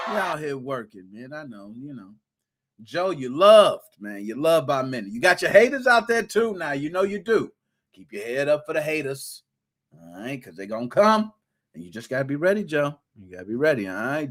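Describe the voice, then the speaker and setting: A man hosting a live gaming podcast, giving playful, hyped-up shout-outs to his chat with slang and rhymes. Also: mid-range voice, sing-song, moderate pace. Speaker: podcast host.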